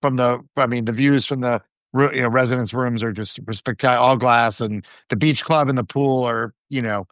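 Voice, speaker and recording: A man with a mid-range voice talks easily on a casual podcast. He chats in a relaxed, unhurried flow. The recording is dry and close. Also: medium pitch, no room sound. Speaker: podcast co-host. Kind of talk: casual chat.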